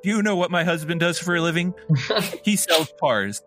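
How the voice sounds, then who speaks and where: A man's voice: medium pitch, expressive, normal speed, pushed and bright, faint music behind. A man voicing an entitled, indignant middle-aged woman customer who talks in a huffy, demanding way.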